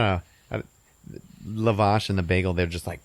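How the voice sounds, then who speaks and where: A man's voice: sits low, steady tone, moderate pace. A man hosting a podcast, rambling and swearing as he recaps a movie. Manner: rambling, laughing, profane. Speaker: podcast host.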